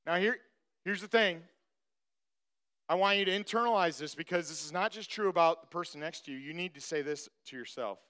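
A man's voice: high-pitched, fairly quick, pushed and bright, clean tone. A man preaching a sermon as pastor, emphatic, repeating phrases and speaking straight to the congregation.

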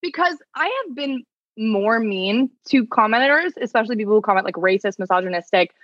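Chatty, animated woman on a podcast. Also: a little high, dry recording, muffled recording. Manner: fast, animated storytelling full of "like". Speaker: attorney and content creator, podcast guest. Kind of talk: casual podcast chat.

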